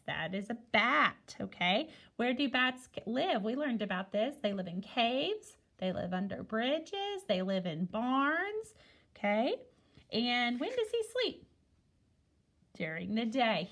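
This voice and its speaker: A woman's voice: mid-range voice, fairly bright tone. A woman teaching a guided reading lesson to young children, asking questions and checking in with "okay?" after each point. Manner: slow, sing-song teacher talk with many "okay?" checks. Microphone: recording a video lesson.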